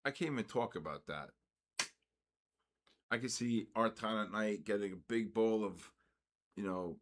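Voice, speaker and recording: An older man hosting a livestream, chatting casually with viewers and reacting with animated, jokingly outraged exclamations. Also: fairly low pitch. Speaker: livestream trading host. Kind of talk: casual chat reading viewer comments.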